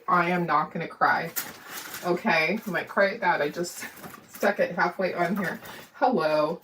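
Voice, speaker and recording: A woman's voice: fairly low pitch, a little hiss or hum. A woman hosting a live crafting demo, talking herself through each step, upbeat and self-deprecating, laughing often. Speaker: craft livestream host.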